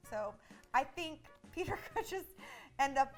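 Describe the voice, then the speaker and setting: A young woman with a high, bright voice chats through a reality-show recap, tossing in quick jokes and playful asides. Faint music plays underneath. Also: animated. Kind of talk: casual chat.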